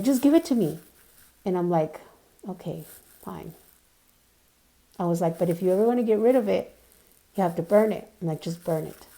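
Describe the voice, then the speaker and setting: A woman's voice: fairly low pitch, dark tone. A young woman vlogger casually telling a personal story, rambling with lots of "like" and "you know".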